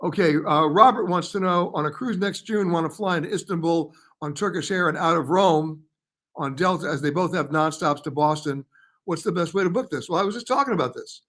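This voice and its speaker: A man's voice: on the high side, fairly bright tone. Chatty male travel host answering viewers. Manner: chatty, reads viewer comments aloud, quick verdicts. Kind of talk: live Q&A with viewers. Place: hotel or studio in Paris.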